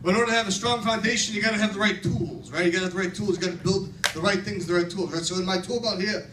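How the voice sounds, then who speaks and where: A man playing a brash male construction foreman who teaches kids in a children's church skit, with a loud, bossy, tough-guy patter. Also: high voice, fairly even intonation, very fast, noisy background, natural voice. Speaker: kids' camp skit performer. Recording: echoey hall, far from mic, audience.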